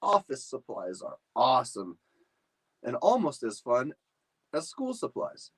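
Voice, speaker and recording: A man's voice: medium pitch, wildly swooping pitch, a little slow, breathy edge, exaggerated voice, low-quality recording. A man doing an upbeat, earnest dad. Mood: enthusiastic. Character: upbeat office-loving father.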